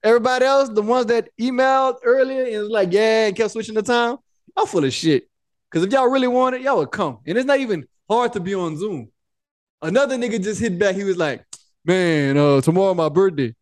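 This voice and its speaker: High-voiced blunt male podcast host. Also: a little fast. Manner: blunt, profane, animated storytelling. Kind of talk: casual podcast chat.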